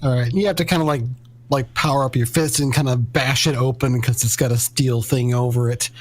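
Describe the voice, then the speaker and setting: A man narrating as game master of a superhero tabletop game, relaxed and hesitant, with many fillers. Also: medium pitch, a little fast.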